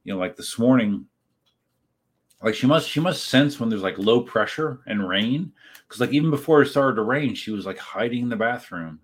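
Husky-voiced man chatting on a livestream. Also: medium pitch, expressive, moderate pace. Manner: rambling, chatty, reads chat aloud and answers. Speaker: livestream host. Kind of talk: casual livestream chat reading viewer comments. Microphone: desk setup while live streaming.

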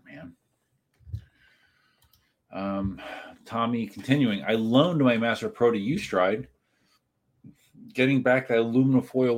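This livestream host has a husky, mid-range voice that's a little mellow. Streaming from a desk setup, he chats casually, reading viewer comments aloud and rambling on in reply.

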